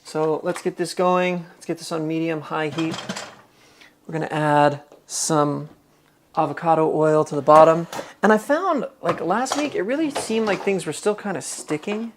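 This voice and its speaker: A man hosting a live cooking stream from his home kitchen, chatting casually, reading viewers' comments aloud and thinking out loud as he cooks. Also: a little high, normal speed, noisy background.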